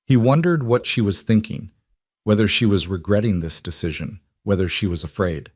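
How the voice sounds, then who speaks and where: Male storyteller, low voice, calm measured narration, dry close sound. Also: dry recording.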